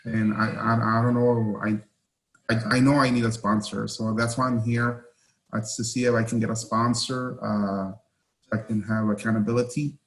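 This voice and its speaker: A man new to a support meeting speaks haltingly, pausing often and filling the gaps. His voice is low and flat, with little rise and fall. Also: low-quality recording. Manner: hesitant, halting, many fillers. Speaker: newcomer at meeting.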